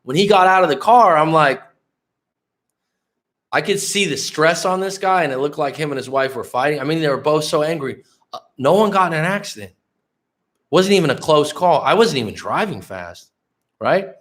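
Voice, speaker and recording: Expressive and a bit bright, this man's slightly high voice moves at a moderate pace with long pauses. He's a Bay Area life coach host in his late thirties, swearing frequently as he tells a story in a candid, conversational style on a casual livestream.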